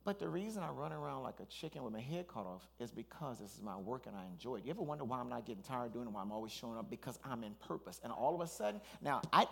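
A man, a pastor, preaching a sermon in an animated storytelling way, with asides and restarts. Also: on the high side, creaky, slightly rough.

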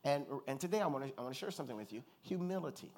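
A man from Louisiana preaches a relaxed, conversational sermon at a middle pitch. He tells stories with humor and keeps checking in with his listeners. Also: very fast, a little hiss or hum. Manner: animated storyteller, joking asides, calls for congregation response. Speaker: pastor.

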